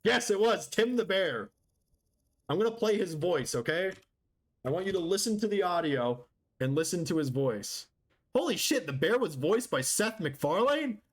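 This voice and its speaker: Joking, animated male streamer. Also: high-pitched, normal speed. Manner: joking, sarcastic, rambling. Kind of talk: casual live-stream chat while gaming.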